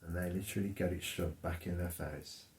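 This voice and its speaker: A middle-aged man chatting as co-host, telling stories in an animated way. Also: low-pitched, fairly quick, echoey room. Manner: storytelling, animated. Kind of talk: casual chat.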